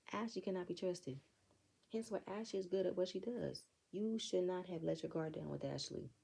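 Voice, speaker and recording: A woman with a low, gravelly voice gives a casual recap of a reality show. She is blunt, sassy and profane, and calls out the cast by name. Her tone is dark and a bit husky. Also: rough recording.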